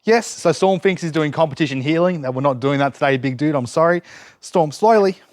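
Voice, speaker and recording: A man's voice: on the high side, quick pace, dry recording. A man demonstrating dog training outdoors, explaining each step while giving his dog short cues and praise. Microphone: camera set up nearby.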